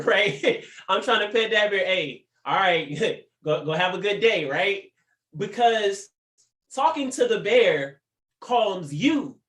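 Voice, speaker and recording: A man's voice: high voice, fairly bright tone, reverberant. A man giving a faith-based motivational talk on a livestream, playful and laughing often as he acts out little scenes. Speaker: motivational speaker.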